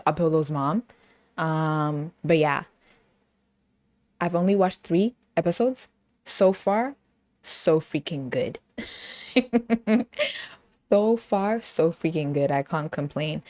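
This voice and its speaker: With a lowish, slightly mellow voice and no room sound, this British podcast host keeps things casual and playful. She laughs a lot and breaks into sing-song moments.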